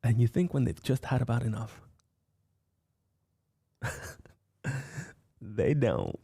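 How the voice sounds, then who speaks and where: A man giving a casual horror film review, retelling scenes in an animated way with frequent swearing. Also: mid-range voice, unhurried, husky.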